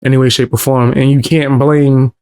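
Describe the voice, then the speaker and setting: A man co-hosting a reaction video, talking in an animated, slangy way and laughing often. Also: medium pitch, brisk, smooth. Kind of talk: casual reaction chat.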